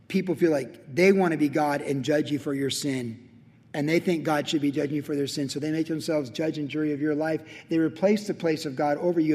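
Pastor, male, higher voice, big swings from fervent preaching to whispered intimacy, long reverb of a sanctuary. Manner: swings from loud emphatic preaching to hushed near-whisper. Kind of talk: sermon.

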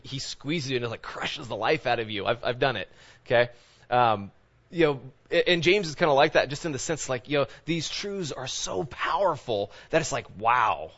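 A man's voice: medium pitch, a bit bright, muffled recording. A man who is a pastor, preaching a sermon in a loose, conversational way, full of fillers and asides. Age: adult parent of children.

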